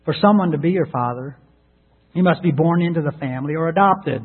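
A high-pitched, husky man preaches earnestly, often stumbling over and repeating words as he begins a point. His voice comes through a thin, tinny radio line. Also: brisk. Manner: earnest, repeats words when starting a thought. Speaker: pastor. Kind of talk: sermon. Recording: tinny narrowband radio broadcast.

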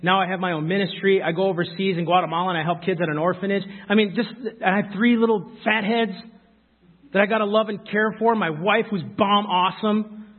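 A man preaching a sermon, animated and talking straight to the congregation with quick asides. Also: high voice. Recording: phone-like sound with long hall reverb.

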